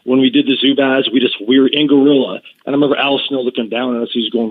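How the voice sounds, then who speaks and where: A man's voice: medium pitch, quick pace, no room sound. Middle-aged male podcast guest on a phone-like line. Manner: animated storyteller, hesitant restarts. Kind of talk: casual storytelling in an interview. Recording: thin phone-like call line.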